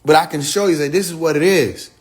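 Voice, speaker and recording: Fast and fairly high-pitched, a man speaks casually to his livestream followers, spinning slangy stories with acted-out quotes. He laughs a lot and talks straight to the people listening.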